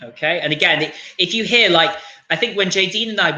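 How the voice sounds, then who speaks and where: A man teaching an online English lesson, upbeat and encouraging, slowing down to model each word's pronunciation. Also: high-pitched, a crowd in the background. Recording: echoey room sound.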